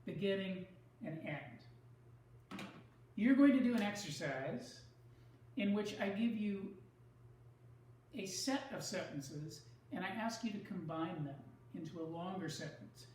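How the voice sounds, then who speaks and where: A man teaching a recorded online writing lesson, explaining step by step in a measured way and leaning on key words. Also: sits high, lively intonation, darkish tone, very echoey, recorded from a distance, slight background noise, low-quality recording.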